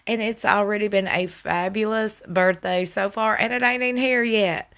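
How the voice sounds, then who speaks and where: A woman chatting to her viewers from home, telling stories in an animated way and laughing often. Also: mid-range voice, moderate pace. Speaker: YouTube host. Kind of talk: casual chat to viewers.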